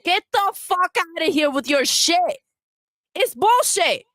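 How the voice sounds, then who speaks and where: Very high-pitched woman ranting scornfully. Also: animated, slow, fairly bright tone, no echo. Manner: scornful, swearing, mocks with put-on voices. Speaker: livestream segment voice. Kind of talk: profane angry rant.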